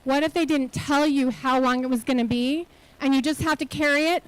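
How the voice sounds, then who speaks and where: A woman with a high-pitched voice delivers a motivational keynote into a stage microphone. She talks earnestly and keeps firing rhetorical questions at the audience. Her tone is that of a nonprofit leader urging listeners to commit. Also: steady tone, fairly quick, low-quality recording. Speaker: keynote speaker and nonprofit CEO. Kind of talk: motivational conference talk. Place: conference hall stage.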